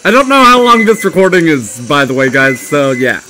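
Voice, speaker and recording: A man's voice: a little high, very animated, moderate pace, bright, forceful tone, soft background music, rough recording. A young man commentating a video game, panicky and exclamatory, often calling out to his viewers. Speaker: gaming video host.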